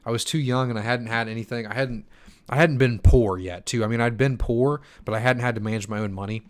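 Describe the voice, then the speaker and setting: A man's voice: mid-range voice, fairly even intonation, brisk, clear, resonant tone. Young guy running a livestream q&a, kinda tired, rambly, lots of ums and restarts. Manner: loose and chatty, many fillers and restarts. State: tired from poor sleep. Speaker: crypto channel host answering chat. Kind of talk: casual live-stream Q&A.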